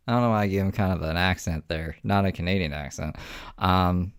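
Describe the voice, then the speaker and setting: A man's voice: lowish voice, very animated, fairly quick, no echo, clean studio sound. A man hosting in a casual, rambling commentary style, swearing and mocking himself. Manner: rambling, profane, self-mocking. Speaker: host.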